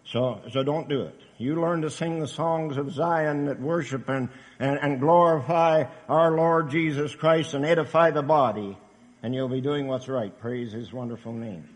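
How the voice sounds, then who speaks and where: A man's voice: mid-range voice, moderate pace. A man preaching a sermon in an emphatic, earnest, exhorting manner. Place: church camp meeting hall. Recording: reverberant hall.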